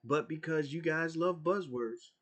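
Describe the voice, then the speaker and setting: A man with a fairly high voice rants straight at the camera, combative and profane. He hammers the same points again and again. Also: measured pace, highs cut off. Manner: profane, confrontational, repeats himself. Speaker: YouTuber. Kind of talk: angry political rant to camera.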